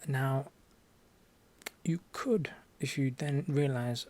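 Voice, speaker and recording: Gravelly Norwegian man, whispered role-play. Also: medium pitch. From Norway. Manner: soft-spoken, halting, deadpan joking. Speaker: ASMR creator playing a language teacher.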